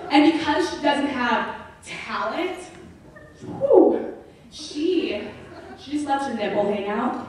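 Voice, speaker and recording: Young woman, stand-up comedian, animated storyteller, slightly high voice, booming echo, distant camera, faint hiss. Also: measured pace. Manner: animated storytelling with acted-out quotes. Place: comedy club stage. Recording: echoey venue heard from far off.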